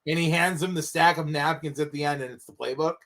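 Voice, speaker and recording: Bright-voiced joking man. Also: a little high, fairly even intonation. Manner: joking, playful, quick asides. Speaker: podcast co-host. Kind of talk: casual banter.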